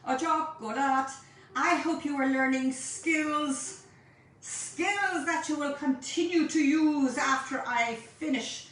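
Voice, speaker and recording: A woman's voice: high voice, slow, a bit bright, very echoey, far from the mic. An Irish woman teaching a home baking class, chatty and playful, talking straight to her viewers. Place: home kitchen.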